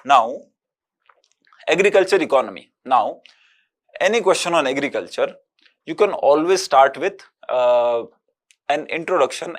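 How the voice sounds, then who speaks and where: A man giving a recorded exam-prep lecture, explaining steadily and often pausing on "uh, you know". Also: medium pitch, lively intonation.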